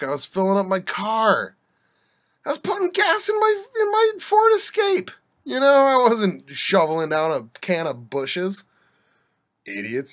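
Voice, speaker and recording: A young man hosting a podcast, telling a rambling anecdote in a wry, joking way with many restarts and asides. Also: medium pitch. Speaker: podcast host. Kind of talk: casual storytelling monologue.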